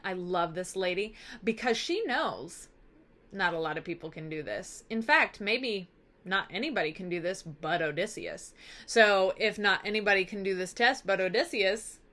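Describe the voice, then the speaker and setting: A woman teacher giving a chatty, lively recap of a story for a class, acting out the characters' lines as she goes. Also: mid-range voice, normal speed. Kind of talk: casual literature lesson recap.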